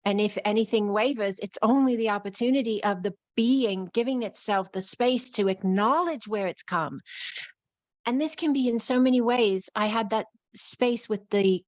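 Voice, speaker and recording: A woman's voice: a little high, moderate pace, no room sound. A woman with a New York accent giving a live-streamed spiritual talk in flowing, repetitive phrases. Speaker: spiritual teacher.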